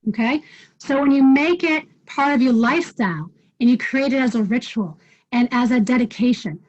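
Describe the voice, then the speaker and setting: A woman's voice: sits high, moderate pace, darkish tone. A woman teaching an online wellness class, direct and challenging, checking in with the group with frequent questions. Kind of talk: live online class talk. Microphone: video call. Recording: dull lo-fi video call audio.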